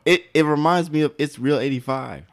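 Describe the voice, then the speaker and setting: A man's voice: a little high, a little fast. A man co-hosting a podcast, chatting casually and joking, acting out funny bits as he tells stories. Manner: joking, storytelling with acted-out impressions. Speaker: podcast co-host. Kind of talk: casual chat.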